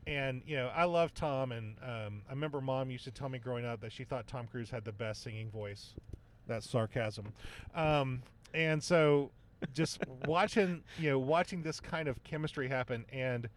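A man co-hosting a casual movie review podcast, animated and jokey, with sarcastic asides. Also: mid-range voice, moderate pace. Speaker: podcast co-host.

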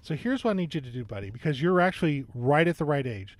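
A man's voice: a little high, expressive, fast talker, no room sound. A man co-hosting a casual movie review podcast, joking and rambling with many fillers. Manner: jokey, rambling, lots of fillers.

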